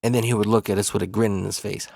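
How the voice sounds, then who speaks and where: A man casually telling a funny, profane story from his past, laid-back and animated, laughing along. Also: on the low side, rapid-fire, vocal fry, no room sound. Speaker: comedic storyteller.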